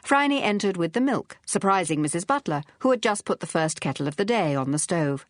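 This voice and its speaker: A woman narrating an audiobook in a measured, even manner. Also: on the low side, no room sound, studio quality. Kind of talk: scripted narration.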